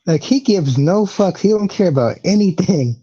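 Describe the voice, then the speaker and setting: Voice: mid-range voice, animated, moderate pace, dark tone, husky. A podcast co-host chiming in with short, laid-back comments during a casual wrestling recap. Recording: dull lo-fi podcast audio.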